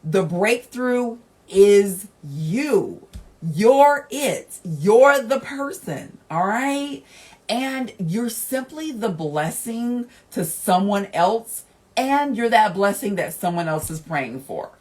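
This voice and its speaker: Slow-talking encouraging woman podcast host. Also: medium pitch, expressive, a little mellow. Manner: encouraging, speaks straight to listeners; emotional, laughing through tears. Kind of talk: motivational podcast monologue.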